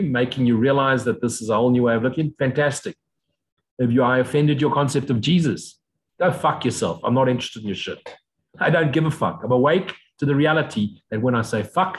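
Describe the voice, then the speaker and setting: A man's voice: brisk, poor audio. Blunt, profane man lecturing. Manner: mocks views in sudden high voices. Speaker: spiritual teacher. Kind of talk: unscripted lecture.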